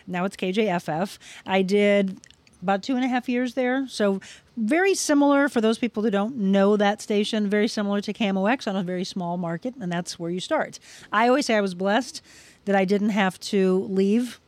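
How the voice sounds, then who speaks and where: A middle-aged woman from Missouri, a guest on a podcast, recounting her career with animated storytelling. She acts out other people's lines as she goes. Her voice sits at an ordinary pitch, picked up close and dry. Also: moderate pace, dry recording. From Missouri, USA. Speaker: guest, broadcaster. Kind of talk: casual interview storytelling.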